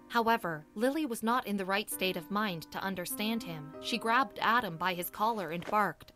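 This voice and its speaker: A woman's voice: medium pitch, normal speed, few pauses, fairly bright tone, soft background music. Woman narrating an audiobook.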